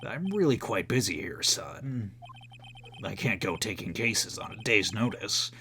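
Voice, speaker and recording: Guy putting on a stuffy old lawyer, low gruff drawl, real slow. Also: expressive, sharp tone, slight background noise, heavily acted. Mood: pompous. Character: pompous old male lawyer, evasive.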